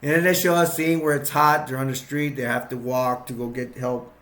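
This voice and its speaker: A man casually retelling a movie plot, rambling and excitable, with restarts and sound effects. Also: medium pitch, brisk. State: sugar-boosted, energetic. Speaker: movie recap vlogger.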